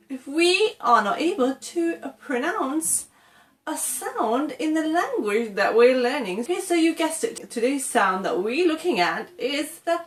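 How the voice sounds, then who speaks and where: Teaching English pronunciation, this Englishwoman demonstrates sounds and keeps checking in with "okay" in an encouraging way. She has a high voice, and the recording sounds roomy.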